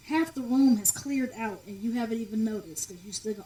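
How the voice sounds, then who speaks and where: A woman guest in a casual chat, animated and emphatic, often laughing as she talks. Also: fairly high pitch, a little fast, hardly any pauses. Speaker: podcast guest. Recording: echoey room, distant mic.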